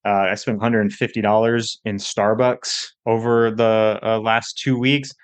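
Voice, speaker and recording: A man's voice: lowish voice, little pitch movement. A man who works as a financial advisor, hosting a casual educational podcast episode and explaining budgeting in a conversational way with frequent restarts. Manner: conversational, with fillers and restarts, quick bursts.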